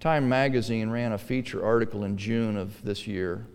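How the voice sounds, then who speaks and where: A man pastor preaching a sermon in a church, emphatic, dropping to quiet asides and then pressing hard on key lines. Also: lowish voice, normal speed, smooth, in a large hall.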